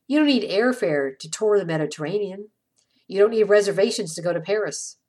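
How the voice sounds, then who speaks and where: A woman podcast host reads an inspirational essay in a measured, reflective way. Her pitch moves a lot, and she lets the ends of her phrases fall. Her delivery is scripted and even-paced. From small town.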